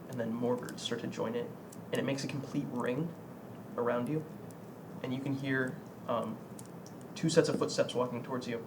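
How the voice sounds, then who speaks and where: A young man narrating as game master, halting with many fillers and quick to laugh. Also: medium pitch. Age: young adult. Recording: distant mic with background noise.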